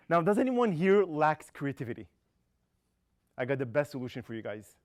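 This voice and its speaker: Man hosting a comedy show. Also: fairly high pitch. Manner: loose, rambling, laughs at his own jokes. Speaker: show host. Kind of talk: casual hosting with jokes.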